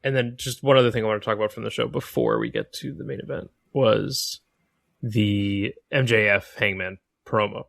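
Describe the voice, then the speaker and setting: A man co-hosting a wrestling podcast, talking into a close mic with a very dry sound. He is opinionated and mocking, and breaks into quick impressions of the wrestlers he's tearing apart. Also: lowish voice, lively intonation, creaky, fairly bright tone, no echo. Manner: opinionated, mocking, mimics wrestlers mid-rant. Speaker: podcast co-host. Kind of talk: casual wrestling chat.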